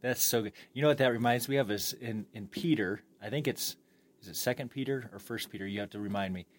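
A man's voice: lowish voice, fast. Enthusiastic man co-hosting a church podcast. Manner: enthusiastic, affirming interviewer. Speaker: podcast co-host. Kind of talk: post-sermon podcast discussion.

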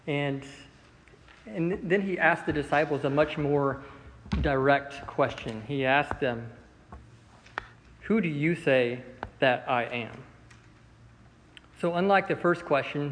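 A man teaching a Bible study class in a relaxed, conversational way, with many fillers and restarts. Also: mid-range voice, long reverb tail, a little hiss or hum, poor audio. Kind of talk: casual Bible lesson.

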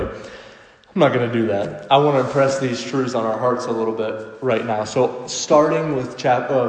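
A man's voice: medium pitch, darkish tone. Young male preacher in an echoey hall. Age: late 20s. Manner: casual and joking, reads scripture slowly and emphatically. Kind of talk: sermon with scripture reading. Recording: echoey hall with long reverb.

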